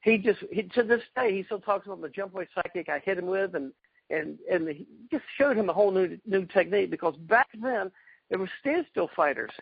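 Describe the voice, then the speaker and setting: A man being interviewed, telling excited stories about past fights and acting out quotes. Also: high-pitched, a little fast, vocal fry, husky, dry recording, narrow, tinny audio. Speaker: guest, karate fighter. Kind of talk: animated storytelling interview.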